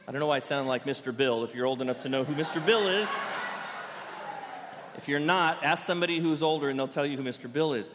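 A man preaching a sermon to a congregation in a playful, animated storytelling way. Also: a little high, quick pace, long reverb tail, slight background noise. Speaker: pastor. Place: church sanctuary.

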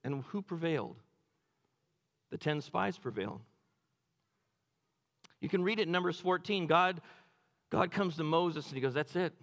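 Pastor preaching in an echoing hall. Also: male voice, on the high side, lively intonation, measured pace, pauses often, fairly bright tone. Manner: storytelling, rhetorical questions, repeats phrases. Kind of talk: sermon.

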